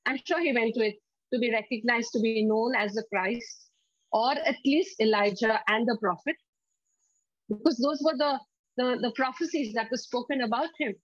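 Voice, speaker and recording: A woman delivers a sermon in a slightly high voice, dwelling on each scripture line with slow emphasis. She leads the congregation in call-and-response. The sound is dry and a little dull. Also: dry recording. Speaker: preacher.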